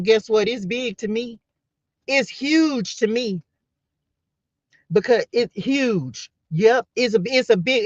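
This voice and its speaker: A woman's voice: fairly high pitch, dry recording. A woman hosting a spiritual live stream, talking with passion and repeating her points as she calls out to her listeners. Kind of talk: fervent preacher-like live-stream pep talk. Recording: dull, dry lo-fi sound.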